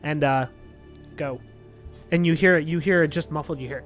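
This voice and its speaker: A young man running a tabletop game as game master, easygoing and quick to laugh. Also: fairly high pitch, a bit bright, faint music behind.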